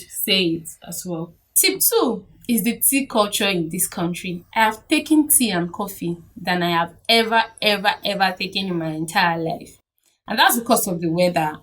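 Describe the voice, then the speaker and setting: A young Nigerian woman chats to her camera, lively and quick to laugh. Her voice sits a little way off the mic. The pitch is middling for a woman. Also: recorded from a distance. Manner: chatty, animated, laughs often. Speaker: vlogger. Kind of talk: casual talk to camera.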